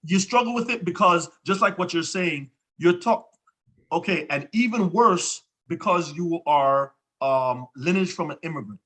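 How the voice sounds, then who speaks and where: A man, a co-host from Jamaica, reflecting on leadership in a relaxed, drawn-out way during a casual interview. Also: fairly high pitch.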